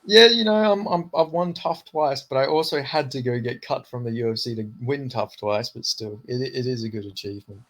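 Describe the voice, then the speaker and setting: Brief: relaxed male co-host, mid-pitched, stumbles and restarts, swears casually. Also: a little fast, hardly any pauses. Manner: stammering restarts, sweary, laid-back. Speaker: podcast co-host. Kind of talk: casual chat about fights.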